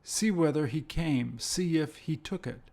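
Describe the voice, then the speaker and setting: Slow, gravelly man teaching English. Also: on the high side, darkish tone. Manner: slow and careful, repeating example phrases. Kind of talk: slow, deliberate language lesson.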